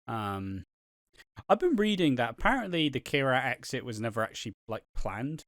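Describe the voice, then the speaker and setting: A man's voice: mid-range voice, sing-song, moderate pace, a bit bright, no echo, studio quality. A man hosting a casual review podcast, rambling with many fillers and the odd swear word. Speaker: podcast host reviewing a soap opera. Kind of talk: casual chat.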